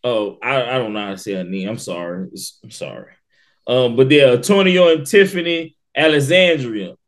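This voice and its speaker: A man with a mid-range voice, co-hosting a casual podcast. He talks in a relaxed, unhurried way and often pauses or trips over his words. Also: medium pitch. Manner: laid-back, hesitant, stumbles over names. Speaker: podcast co-host.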